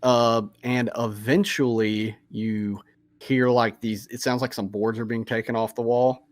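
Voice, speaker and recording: A man's voice: mid-range voice, flat delivery, unhurried, dry recording. A man, casually narrating a tabletop game as game master. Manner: casual, lots of fillers.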